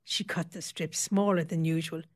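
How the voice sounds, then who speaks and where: A woman reading a novel aloud as audiobook narrator, in steady, expressive storytelling. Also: low voice, normal speed. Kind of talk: scripted narration.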